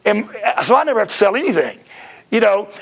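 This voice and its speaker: A man presenting at a seminar in a chatty way, often acting out short scenes. His voice sits high and has a gravelly edge to it. He talks loosely, with restarts and asides to the room. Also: very animated, a bit bright. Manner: chatty, acts out kids and parents in quick bits. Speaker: martial arts school owner presenting. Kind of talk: seminar talk to school owners.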